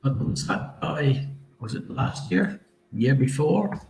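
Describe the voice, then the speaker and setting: A man chatting casually as a co-host on a live stream, relaxed and chuckling. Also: a little high, takes it slowly, vocal fry, a little hiss or hum, poor audio.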